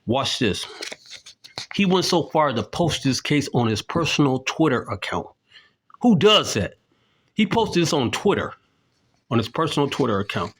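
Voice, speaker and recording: A man's voice: medium pitch, sing-song, moderate pace, slightly rough. A middle-aged man giving emphatic, accusatory commentary to camera, walking through documents and often asking "okay?". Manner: indignant, accusatory, keeps tagging "okay?"; explains while showing documents to the camera. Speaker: independent video commentator.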